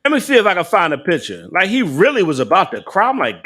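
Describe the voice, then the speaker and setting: A man's voice: sits high, wildly swooping pitch, quick pace, few pauses, a bit bright. A young adult man, casually ranting on a live stream, blunt and profane, laughing often and talking back to his chat.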